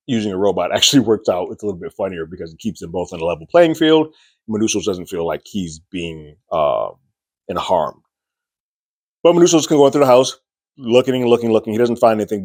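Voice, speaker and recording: A man's voice: on the low side, darkish tone, no echo. A man casually recapping a TV episode in a loose, chatty way, often restarting his sentences. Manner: chatty, loose retelling with frequent restarts and acted-out quotes. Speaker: TV show reviewer.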